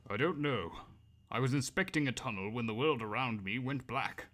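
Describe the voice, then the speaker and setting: A man's voice: mid-range voice, normal speed, a bit bright, close to an everyday voice. A man voicing a proud, prickly old robot elder who talks in an indignant, huffy way. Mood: wry.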